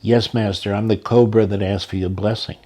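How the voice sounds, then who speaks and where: A man's voice: fairly low pitch, flat delivery, normal speed, warm tone, lightly acted. A man voicing a humble, weakened cobra in a spoken story, talking meekly and respectfully.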